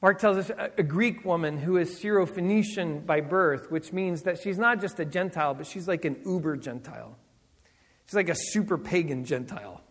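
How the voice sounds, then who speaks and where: A middle-aged man, a senior pastor, preaching with personal stories, animated and acting out voices, laughing often. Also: on the high side, moderate pace, big-room sound. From Southern California.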